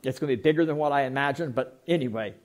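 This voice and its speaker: A pastor delivers a dramatic, humorous sermon at a racing pace in a mid-range voice, swinging from hushed asides to loud, excited outbursts as he acts out Bible characters.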